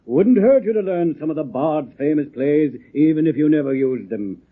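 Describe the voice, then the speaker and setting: An elderly circus clown who once trod the boards, theatrical and courtly in every phrase. His somewhat high voice swings through a wide, lively range and has a slightly husky edge. The sound is narrow and phone-like, as on an old radio broadcast. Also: moderate pace. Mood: genial. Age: older. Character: elderly male circus clown, former stage actor. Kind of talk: 1940s radio acting.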